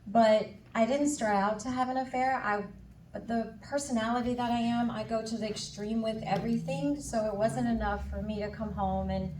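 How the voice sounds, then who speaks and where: A woman's voice: fairly high pitch, steady tone, moderate pace, darkish tone, slight background noise. A woman giving a candid personal testimony at a conference, acting out her own past dialogue and inner voice. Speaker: conference speaker. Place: conference hall. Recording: echoey hall, voice from far off.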